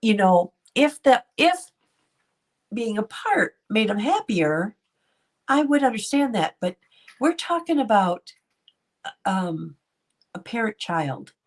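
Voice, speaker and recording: This middle-aged woman hosts a relaxed livestream for her commentary channel, reading the chat aloud, calling viewers by name, and laughing frequently. Her medium-pitched voice swings widely in pitch. She talks slowly, with long pauses.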